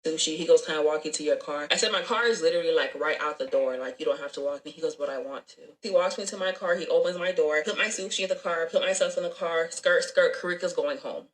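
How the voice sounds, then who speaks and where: A woman telling a story about a bad date, animated and swearing, acting out both sides of the dialogue. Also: fairly low pitch, fast talker, hardly any pauses, rough recording. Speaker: storyteller in a clip. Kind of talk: story time, casual telling.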